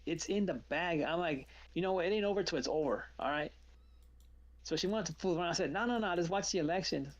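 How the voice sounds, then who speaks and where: A man's voice: on the high side, fast, highs cut off. A man hosting a live trading stream, chatting casually and telling stories with acted-out quotes. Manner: animated storyteller, acts out quotes.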